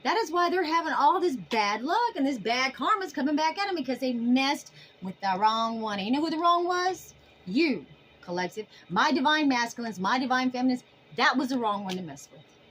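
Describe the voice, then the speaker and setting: A woman giving a casual tarot reading to her viewers in an animated, emphatic way, often laughing. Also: high-pitched, normal speed, a little hiss or hum, rough recording. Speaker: tarot reader.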